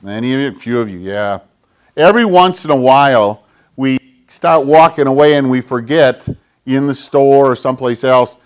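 Brief: man as pastor, children's sermon, conversational and kind, average pitch. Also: normal speed. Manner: gentle, conversational, clears throat often.

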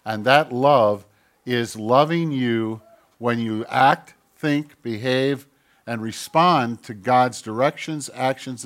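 A male pastor giving a sermon, reading scripture aloud with loud emphatic peaks and quiet asides, often clearing his throat and correcting himself. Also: mid-range voice.

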